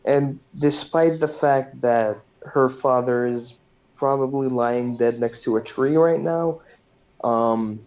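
A man recaps a movie's plot at an unhurried, drawn-out pace, loose and profane, with plenty of ums and uhs. His voice is dark and mellow, and the recording sounds dull and lo-fi. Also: medium pitch. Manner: loose and profane, with frequent fillers. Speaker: podcast host.

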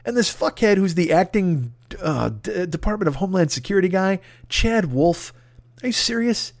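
A man ranting on a comedy podcast, profane and rambling, with frequent exasperated outbursts. His voice sits a little higher than most men's, and it is recorded dry and close on a studio mic with no room sound. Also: animated, moderate pace, vocal fry, no room sound.

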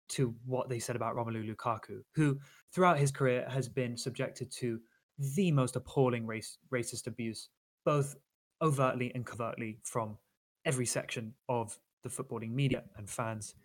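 A man co-hosting a football chat in a mid-pitched everyday voice. He talks earnestly and critically, circling back with restarts and fillers. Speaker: podcast co-host.

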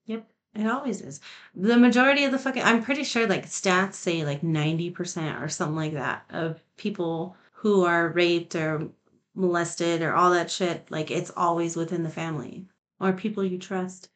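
A woman's voice: on the low side, normal speed. A woman hosting a podcast in casual conversation, talking nonchalantly with a lot of swearing and filler "like"s and laughing between sentences. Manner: nonchalant, heavy swearing, frequent "like". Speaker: podcast host.

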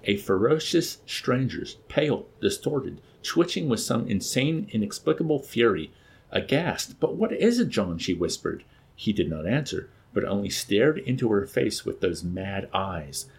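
A man narrating an audiobook with an expressive, dramatic reading. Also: on the low side, unhurried, gravelly, slightly rough. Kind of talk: scripted narration.

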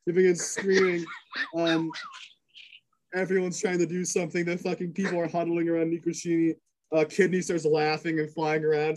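A man's voice: fairly high pitch, rough recording. A man narrating chaos as game master of a tabletop game, cursing and filling gaps with ums. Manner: rapid, crude narration full of fillers.

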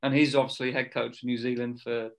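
A man's voice: medium pitch, level tone, quick pace, gravelly. A young man, chatting as a podcast guest and telling loose stories full of "kind of" and "like". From England. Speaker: guest cricketer. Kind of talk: casual podcast chat.

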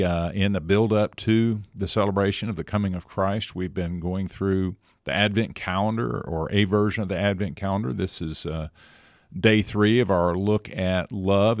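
A man's voice: low voice, no echo, studio quality. A man co-hosting a pastors' podcast, chatting casually with folksy jokes and reading scripture aloud. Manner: relaxed, folksy, self-deprecating jokes.

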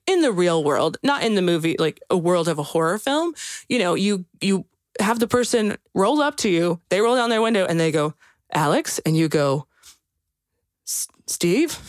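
A chatty woman recaps a film in loose, animated casual talk, full of restarts and filler words. Her voice sits a little low for a woman. The sound is dry and close, with no room around it. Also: dry recording. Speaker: podcast co-host recapping a film. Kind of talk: casual chat.

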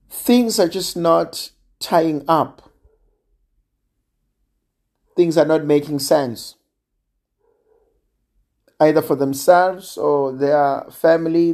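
A preacher giving a sermon in a measured, gently emphatic way, pausing often. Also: medium pitch. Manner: slow, measured, with gentle emphasis and long pauses.

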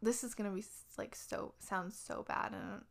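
A woman's voice: mid-range voice, steady tone, moderate pace, vocal fry. A woman in her thirties co-hosting a podcast, chatting casually and gushing with frequent giggles. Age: 30s. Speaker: podcast co-host. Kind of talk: casual chat.

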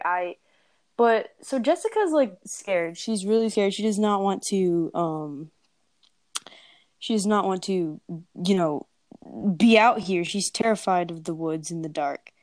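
Young woman telling a scary story slowly to friends, dry close-up sound. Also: mid-range voice, dry recording. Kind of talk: casual storytelling among friends.

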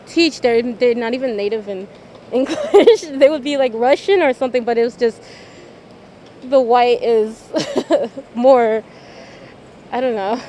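Woman, mellow voice, hesitant, laughy, faint rumble behind. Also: animated, measured pace, pauses often. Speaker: interviewee. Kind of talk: casual chat.

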